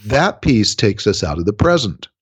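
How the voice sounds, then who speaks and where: A man's voice: lowish voice, very animated, moderate pace, slightly rough, dry recording. A man, a relationship coach, explaining ideas in a casual radio interview, often changing his speed to make a point. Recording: dry, slightly dull radio recording.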